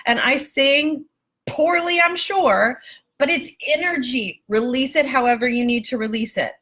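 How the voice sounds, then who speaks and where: A woman's voice: a little high, big pitch swings, moderate pace, husky. A woman life coach speaking live to her viewers, emphatic and affectionate, calling them baby and my love and swearing casually. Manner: warm, emphatic, calls listeners baby and my love. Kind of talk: live-stream coaching talk.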